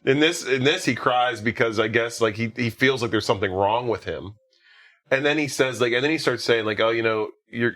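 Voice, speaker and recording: A man's voice: fairly low pitch, fairly bright tone. A man hosting a podcast, casually retelling a film's scenes with frequent "like" fillers and laughs. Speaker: podcast host. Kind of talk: casual movie recap chat.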